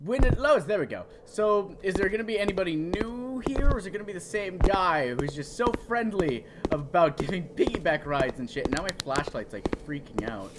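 An excitable gamer playing through a horror game, with a voice that swoops way up into yelps and shouts. The talk is playful and chatty, aimed at the viewers and at the figures on screen. Clear hiss and mouse clicks sit behind it. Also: medium pitch, moderate pace, few pauses. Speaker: let's play gamer.

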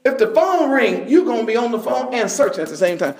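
A man preaching a sermon, telling a story with bursts of shouting and laughter. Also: very high-pitched, sing-song, fairly quick, roomy sound.

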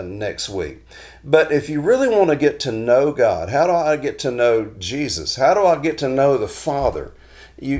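A man hosting a weekly devotional talk, telling stories in a folksy, unhurried way full of restarts. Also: medium pitch. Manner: folksy storytelling with frequent restarts.

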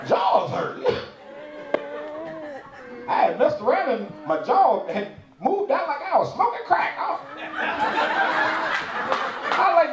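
A man performing stand-up comedy at a church event, telling his jokes in an animated, playful way. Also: extremely high pitch, unhurried, pauses often, crowd noise. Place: church event stage before a live audience. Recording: roomy, distant sound with audience laughter.

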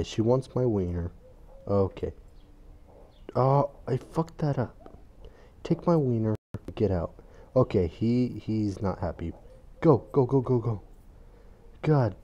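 A young man with a low, dark voice, talking slowly through a cooking game. He grumbles, swears freely and gets frantic when orders pile up. It sounds like casual commentary recorded on a phone at home. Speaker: gaming YouTuber.

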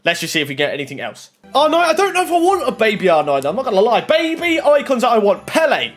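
A young man giving casual pack-opening commentary, swinging from muttering to excited shouting. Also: very high voice, fast, soft background music. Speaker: gaming YouTuber. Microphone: desk microphone.

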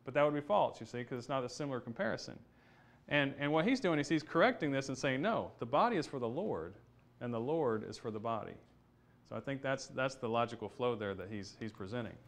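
Middle-aged guy teaching bible study, average pitch, talks it through casually w/ lots of uhs and restarts. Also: expressive, fairly quick. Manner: explanatory, thinking aloud with restarts and fillers.

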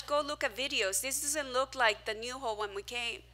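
Lively high-voiced woman preaching. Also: moderate pace, few pauses. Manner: animated, self-mocking, with sudden loud and soft swings. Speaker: pastor. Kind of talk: sermon. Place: church hall, preaching to a small crowd.

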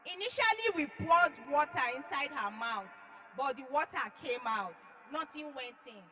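A woman giving an emotional church testimony, dramatic, acting out her own shouts and then dropping to hushed tones. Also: high voice, expressive, normal speed, faint music behind, poor audio. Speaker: testimony giver.

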